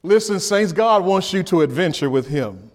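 Male pastor, high voice, delivers a sermon with repetition and shouted peaks. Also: animated, moderate pace. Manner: preaching, repeats key lines, rises to shouts, call-and-response questions.

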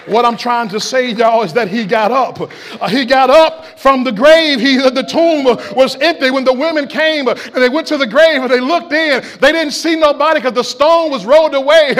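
A man's voice: very high-pitched, normal speed. A man preaching an impassioned Easter-style sermon in a church, calling out to the congregation. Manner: impassioned, shouting call-and-response preaching. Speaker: pastor. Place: church sanctuary.

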